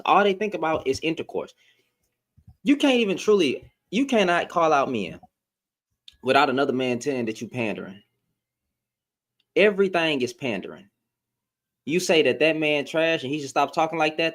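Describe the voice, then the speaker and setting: A man's voice: fairly high pitch, big pitch swings, a little fast, a bit bright. A man ranting to his followers in a blunt, heated, profane way, repeating himself and restarting lines as he gets worked up. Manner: blunt, heated, profane, rising to exasperated outbursts. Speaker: social media commentator. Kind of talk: heated casual rant to followers.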